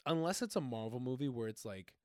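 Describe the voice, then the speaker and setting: A young man co-hosting a podcast, easygoing but ready to argue, swearing casually in relaxed chat. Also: medium pitch, fast talker. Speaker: podcast co-host.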